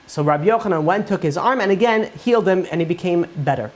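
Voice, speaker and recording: A man's voice: sits high, fast. A man, a rabbi, teaching a Torah class, retelling Talmud stories in a casual, conversational way with frequent fillers. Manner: casual and conversational, many fillers like "you know".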